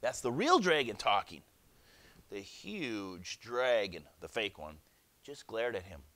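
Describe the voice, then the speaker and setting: A male teacher with a fairly low, fairly bright voice reads a storybook aloud to his class, speaking slowly with big swings in pitch. He then guides the students through a worksheet, dropping chatty asides along the way in this classroom read-aloud and lesson.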